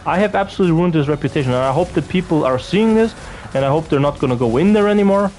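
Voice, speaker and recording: A man's voice: fairly high pitch, expressive, racing, darkish tone, slight background noise. A young man from Austria, ranting profanely and indignantly as he tells a storytime vlog. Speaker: vlogger. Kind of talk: angry storytime rant.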